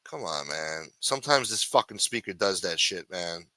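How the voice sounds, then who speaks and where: A man's voice: sits low, animated, normal speed, pushed and bright, no echo. A man hosting a live stream, ranting and swearing constantly in an irritated, complaining way. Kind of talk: casual profane rant reacting to a stream.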